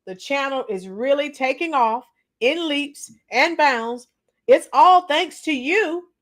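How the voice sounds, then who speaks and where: A middle-aged woman hosts a casual livestream, greeting viewers by name in a high, animated voice and taking it slowly. Her voice is a little strained after a week of teaching, and she clears her throat often.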